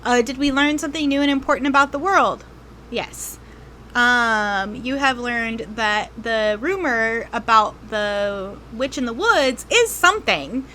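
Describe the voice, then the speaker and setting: A woman game master narrating a tabletop role-playing game, telling the story unhurriedly with frequent ums and pauses. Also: fairly high pitch, lively intonation, sharp tone, a little hiss or hum.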